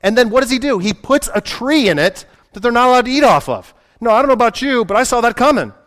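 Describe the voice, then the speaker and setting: Guy preaching, pretty high voice, chatty, keeps asking the crowd questions. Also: expressive, fast talker, a bit bright. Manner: conversational, asks the audience questions, acts out quoted voices. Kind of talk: sermon.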